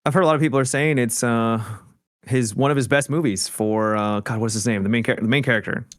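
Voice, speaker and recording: A man co-hosting a podcast, easygoing and chatty, dropping quick agreeing interjections. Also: medium pitch, fairly even intonation, dry recording, clean studio sound. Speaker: podcast co-host. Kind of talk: casual chat.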